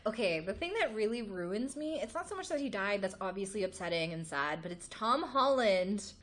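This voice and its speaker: A woman's voice: mid-range voice, lively intonation, moderate pace, fairly bright tone. A woman from Los Angeles co-hosting a podcast, gushing in casual pop-culture chat and swearing freely. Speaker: podcast co-host.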